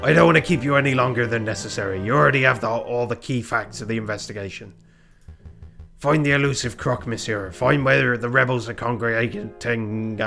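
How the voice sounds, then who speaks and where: A man's voice: mid-range voice, brisk, vocal fry, pushed and bright, soft background music. A man doing a pompous bird inspector. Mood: commanding. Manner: strained, forced official tone. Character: male bird police inspector, stern and pompous.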